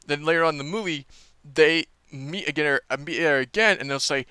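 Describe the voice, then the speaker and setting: Bright, crisp man rambling about a trailer. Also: a little high, fairly quick, no echo. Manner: rambling, many fillers and restarts. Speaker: movie trailer reviewer. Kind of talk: casual rambling review.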